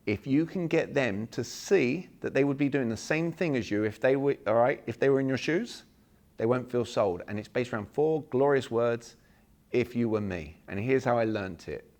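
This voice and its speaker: Male speaker, 40s, gravelly edge, animated seminar delivery acting out example lines. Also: mid-range voice, normal speed. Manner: animated, acts out sample messages, jokes with the room. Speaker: workshop speaker. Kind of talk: live seminar talk to an audience.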